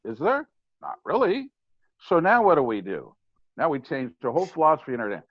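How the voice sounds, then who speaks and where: A man's voice: fairly high pitch, wildly swooping pitch, a little fast, dry recording. An older man, a guest on a podcast, explaining baseball hitting in an emphatic, matter-of-fact way. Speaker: guest, former ballplayer and hitting coach. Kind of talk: casual podcast conversation. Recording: slightly dull, lo-fi sound.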